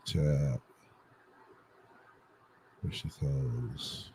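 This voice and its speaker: A very low, gravelly male voice, slow and dark in tone. He mutters and swears to his stream viewers as he struggles with his setup. It has a husky, raspy grain throughout. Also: animated, low-quality recording. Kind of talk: casual live-stream talk to viewers.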